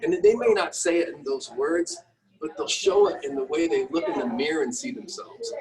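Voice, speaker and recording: A middle-aged man, a business owner, telling a candid, self-deprecating story with many halting restarts. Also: fairly high pitch, animated, recorded from a distance, a crowd in the background, low-quality recording. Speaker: guest entrepreneur.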